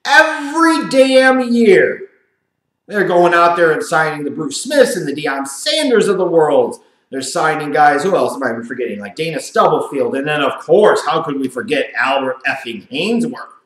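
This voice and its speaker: A man's voice: a little high, moderate pace. A man giving a profane, sarcastic rant of sports commentary. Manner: profane, sarcastic, animated ranting. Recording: roomy echo.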